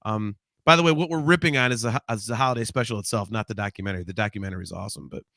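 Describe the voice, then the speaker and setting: Male podcast host, bright tense voice, giggly, reads comments aloud. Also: fairly low pitch, rapid-fire, creaky, dry recording, studio quality. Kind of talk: casual podcast chat.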